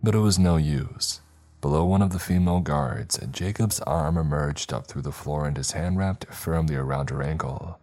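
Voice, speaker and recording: A man's voice: very deep voice, normal speed, darkish tone. A man steadily reading a scripted horror story as the narrator.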